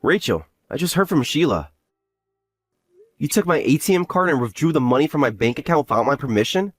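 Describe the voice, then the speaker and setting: A man's voice: on the high side, sing-song, a little fast, no room sound, clean studio sound. An actor voicing a scheming young man who scolds his sister in an exasperated way in a voiced story drama. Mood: angry.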